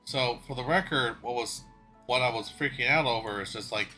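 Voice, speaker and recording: A man's voice: medium pitch, normal speed, pushed and bright, soft background music. A man streaming a game, chatting casually to viewers, flustered and swearing freely as he talks to himself. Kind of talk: casual gaming livestream chat.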